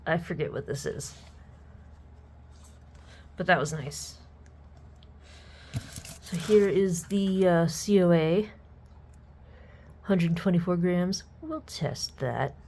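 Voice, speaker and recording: A woman with a low, mellow voice talks casually through an unboxing. She is chatty and excitable, sometimes slipping into soft murmurs. A faint room hum sits behind her. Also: slow pace, long pauses. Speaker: unboxing vlogger.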